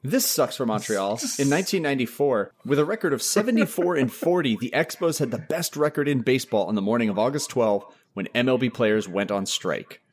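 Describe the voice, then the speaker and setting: A man's voice: mid-range voice, lively intonation, fairly quick, hardly any pauses. A man co-hosting a casual podcast, reading facts aloud and reacting with swearing and laughter. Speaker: podcast co-host. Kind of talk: casual chat reading from a wiki page.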